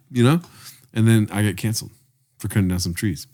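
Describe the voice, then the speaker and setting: A man's voice: on the low side, expressive, quick pace, a little mellow. A man co-hosting a podcast in casual chat, telling crude, rambling joking stories. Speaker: podcast co-host.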